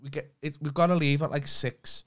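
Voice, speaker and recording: A man's voice: fairly high pitch, little pitch movement, fairly quick, fairly bright tone. A man co-hosting a comedy podcast in casual chat, ranting in exasperation and swearing freely. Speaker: podcast co-host.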